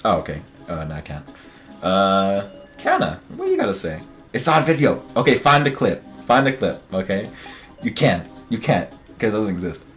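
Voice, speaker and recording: A man's voice: on the low side, wildly swooping pitch, normal speed, fairly bright tone, soft background music. A man streaming a game, joking and muttering asides to his viewers in casual commentary.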